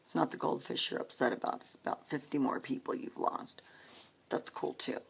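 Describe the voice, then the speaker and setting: A woman in her late forties speaking slowly and softly in a personal vlog, often close to a whisper, holding back tears. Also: very deep voice, gravelly, breathy edge. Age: 40s. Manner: slow, soft-spoken, often near a whisper, earnest. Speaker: vlogger.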